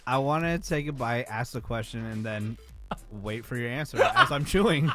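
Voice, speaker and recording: A man co-hosting a radio morning show, playful and a bit defensive, with quick wisecracks. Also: medium pitch, animated, over loud music.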